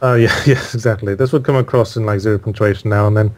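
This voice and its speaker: Talking in quick bursts, this man from the United Kingdom is an author being interviewed casually as a guest. His humor is dry and self-deprecating, and his voice sits on the low side, with a steady tone that's a little mellow.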